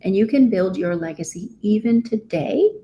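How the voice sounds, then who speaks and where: A woman's voice: mid-range voice, lively intonation, normal speed, lo-fi sound, slight background noise. A woman, a business coach, speaking as a podcast guest in an emphatic way, often asking "right?". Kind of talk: podcast interview.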